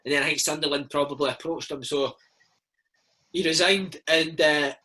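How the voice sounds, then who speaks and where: A man's voice: fairly high pitch, fairly even intonation, normal speed, bright, forceful tone, low-quality recording. A Scottish man in his thirties, a former footballer telling stories in a casual interview, peppering his talk with "mate" and "man". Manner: chatty storyteller, peppers speech with "mate" and "man".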